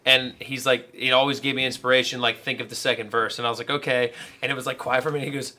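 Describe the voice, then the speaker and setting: A young man co-hosting a podcast, telling a story in casual chat, animated and swearing freely as he acts out quotes. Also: mid-range voice, quick pace. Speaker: podcast co-host.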